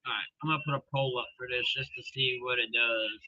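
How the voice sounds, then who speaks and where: A man's voice: mid-range voice, fairly even intonation, fast, sharp tone, muffled recording. A man casually commenting on a live wrestling show for his stream, chatty and joking, laughing often.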